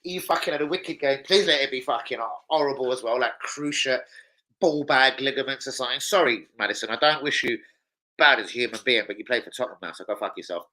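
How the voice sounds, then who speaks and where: Sweary, excitable man. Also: medium pitch, fast talker. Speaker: football fan vlogger. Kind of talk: casual rant to camera.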